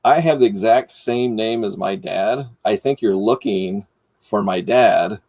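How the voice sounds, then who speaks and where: A middle-aged man from Michigan, hosting and casually telling a story, animated and laughing as he goes. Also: lowish voice, a little slow, no room sound. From Michigan, United States. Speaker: host.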